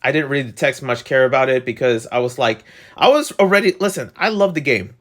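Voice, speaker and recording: A young man reviewing a video game in a rambling, excitable way, full of fillers. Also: mid-range voice, fairly quick.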